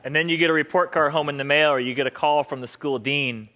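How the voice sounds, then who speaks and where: Bright-voiced animated male speaker. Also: a little high, fast. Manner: animated, acts out dialogue in raised voices; repeats phrases for emphasis. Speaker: speaker on stage. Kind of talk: motivational talk with a live volunteer.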